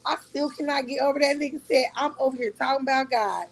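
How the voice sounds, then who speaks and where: A woman's voice: sits high, fast talker, poor audio. A woman hosting a casual livestream, mocking and trash-talking someone with bursts of laughter. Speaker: livestream host. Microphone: talking to a phone on a live stream.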